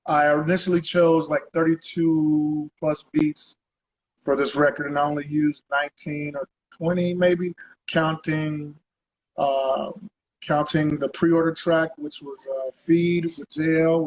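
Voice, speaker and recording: A man's voice: fairly high pitch, steady tone, a little slow, low-quality recording. A man being interviewed as a guest artist, talking in a loose, rambling way and tagging his sentences with conversational asides. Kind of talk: casual interview chat.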